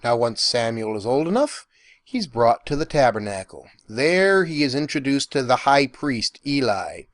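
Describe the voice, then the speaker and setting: A professor narrating a lecture in an animated, folksy storytelling manner. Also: male voice, medium pitch, moderate pace, dry recording, studio quality.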